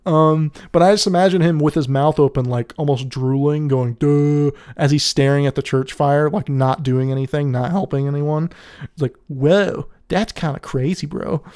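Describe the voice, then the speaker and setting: A man's voice: on the high side, steady tone, normal speed, darkish tone, clean tone. A man giving a casual, rambling album review, often laughing and cutting himself off mid-thought. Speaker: music reviewer.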